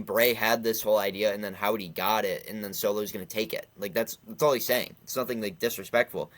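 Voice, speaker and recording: A man's voice: medium pitch, a bit bright. Chatty man ranting about matches. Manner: chatty, ranting, frequent fillers. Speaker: wrestling commentary youtuber. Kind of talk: casual recap and opinion.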